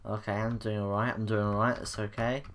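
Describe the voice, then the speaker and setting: A man's voice: lowish voice, little pitch movement, a little fast, fairly bright tone, a little hiss or hum. A man giving gameplay commentary, frustrated and self-mocking as he plays. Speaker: gamer.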